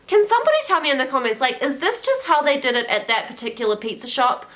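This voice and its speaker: A young woman from New Zealand, with her country's accent, chats to camera in a loose, animated way, full of "like" and "eh". Her voice is bright and sits a little high. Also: quick pace. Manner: chatty, animated, many "like"s and "eh"s. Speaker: travel vlogger. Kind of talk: casual vlog chat.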